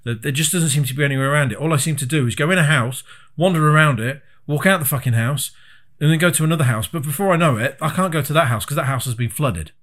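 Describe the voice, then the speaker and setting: A man with a middling voice rambles through a story about an old game. He swears freely and sounds exasperated, in relaxed, unscripted chat. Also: fairly high pitch, fast talker. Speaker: podcast co-host. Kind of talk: casual chat about retro video games.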